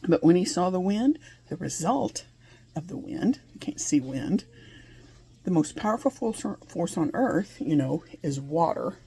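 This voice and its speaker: A woman's voice: on the low side, very animated, unhurried, mellow, slight background noise. A woman giving an earnest, conversational Bible lesson, asking her listeners questions and laughing between points. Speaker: Bible teacher.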